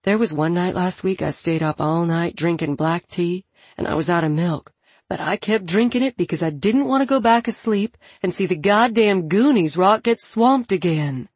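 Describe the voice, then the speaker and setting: A narrator putting on a keyed-up young woman who swears freely and laughs through her words, her voice lifting high and loud. The tone is husky and the sound is dry and close. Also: moderate pace, no room sound. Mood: excited.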